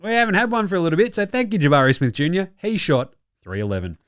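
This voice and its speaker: Talking quickly in a high voice whose pitch swoops wildly, this young adult Australian hosts a laid-back basketball commentary show, full of mockery, free swearing, and frequent chuckles.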